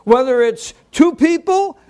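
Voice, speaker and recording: A man preaching a sermon to a congregation, slow and emphatic, repeating key words for weight. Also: very high-pitched, expressive, a little mellow. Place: church before a congregation.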